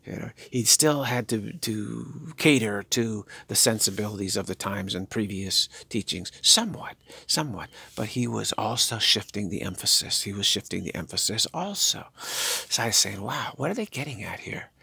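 An older man giving a spiritual talk, halting and musing, repeating himself as he searches for words. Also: fairly low pitch, gravelly, bright, forceful tone, breathy edge, no room sound. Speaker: spiritual teacher. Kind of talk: spiritual monologue.

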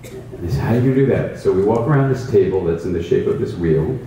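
This mindfulness teacher speaks in a deep, dark voice with lively intonation and a fairly quick pace, telling stories as he reflectively explains his practice. The mic is distant, the room echoes, and there's faint ambience in the background.

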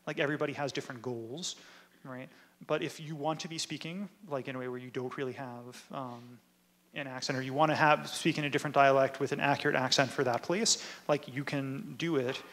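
A man's voice: medium pitch, steady tone, fairly quick, fairly bright tone. A man, a linguist presenter, answering audience questions at a talk in a casual way, often saying "like" and "right?". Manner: casual, many "like" and "right?" tags.

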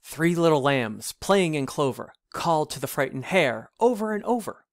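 A man reading an old rhyming storybook aloud, in a measured, sing-song delivery. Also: on the high side, very animated, no echo, studio quality.

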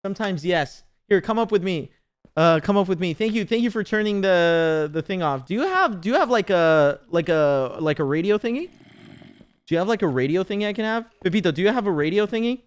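While streaming a game, a man in his twenties banters casually, cursing often, teasing and laughing. He sounds high-pitched, animated and smooth, speaking a little fast.

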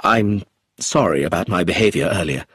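A man reading aloud plays a volatile middle-aged man in a storybook mystery, his husky voice swinging widely up and down as his temper flares. The sound is dry and close, with no room around it. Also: low voice, lively intonation, normal speed, fairly bright tone, no room sound, heavily acted. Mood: remorseful. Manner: bursts into agitated, rising outbursts.

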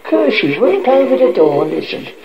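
Dude reading a spooky story, high voice, lots of pitch swings, muffled lo-fi audio, crowd noise in the background. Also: male voice, very animated, moderate pace, gravelly. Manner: dramatic, theatrical storytelling. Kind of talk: scripted horror narration.

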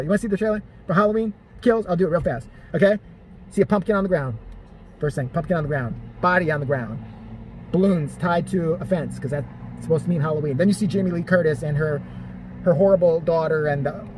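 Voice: mid-range voice, darkish tone, slight background noise. A vlogger ranting in profane, sarcastic, exasperated commentary.

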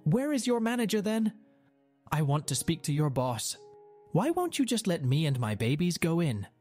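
A shrill older grandmother, hollering and whining as she demands a manager, as a male narrator puts her on. Her voice sits high and climbs even higher when she gets indignant. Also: moderate pace, husky, soft background music.

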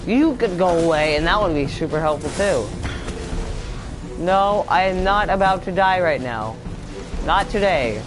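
A man's voice: high voice, animated, measured pace. Man taunting enemies while gaming. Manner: playfully taunts enemies, mock-tough talk. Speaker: gamer streaming his play. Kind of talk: casual live gameplay commentary. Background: game music.

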